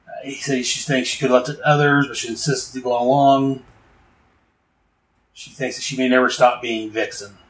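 A man recapping and reviewing a comic book in a casual, rambling way. His voice sits in an ordinary middle pitch. He fills pauses with fillers and eager asides about the scenes he likes. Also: fairly even intonation, roomy sound, low-quality recording.

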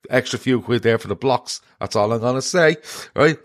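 A man co-hosting a podcast, recounting a group chat in animated, swearing casual talk. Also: medium pitch, normal speed. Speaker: podcast co-host.

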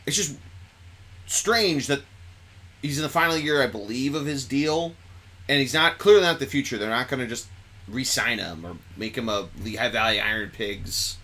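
A man hosting a podcast, chatting casually and excitably about sports, rambling and correcting himself as he goes. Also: medium pitch, moderate pace. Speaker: podcast host.

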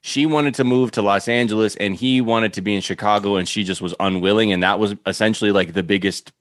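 A man guesting on a podcast, talking in a laid-back, halting way with lots of restarts. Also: lowish voice, fairly even intonation, no room sound, clean studio sound. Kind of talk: casual chat.

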